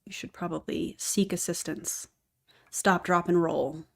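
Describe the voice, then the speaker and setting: A woman's voice: lowish voice, fairly even intonation, unhurried, creaky. Sarcastic woman reacting to a video. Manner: sarcastic and exasperated. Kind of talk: reaction commentary.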